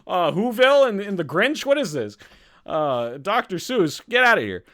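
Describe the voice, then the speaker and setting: A man's voice: sits high, sing-song, moderate pace, a bit bright. A young man from Canada hosting a casual live-streamed podcast, worked up and ranting with lots of swearing. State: sweating. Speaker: podcast host.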